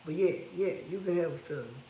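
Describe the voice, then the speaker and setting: A man's voice: a little high, fast talker, warm tone, echoey room, dull audio, slight background noise. A man hosting a casual phone livestream, talking candidly and reading out viewer comments. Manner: laid-back, candid, reads out viewer comments. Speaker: livestream host.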